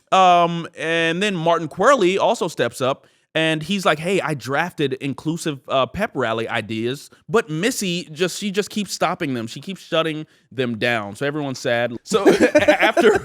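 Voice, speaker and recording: Animated man recapping with lively pitch. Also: unhurried, few pauses. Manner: animated, acts out quoted lines. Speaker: podcast co-host. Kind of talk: casual recap chat.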